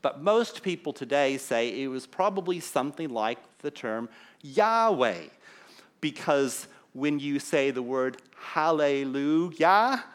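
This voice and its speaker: Man preaching an explanatory sermon. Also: mid-range voice. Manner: explanatory, emphatic teaching with pauses. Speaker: pastor.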